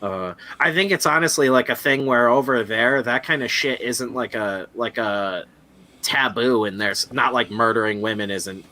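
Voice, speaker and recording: A man leads a loose podcast conversation, wandering from point to point with a steady stream of "like" and "uh". His voice is bright and forward, sitting at an ordinary middle pitch. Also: normal speed. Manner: rambling, fills speech with "like" and "uh". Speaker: podcast host. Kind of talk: casual chat.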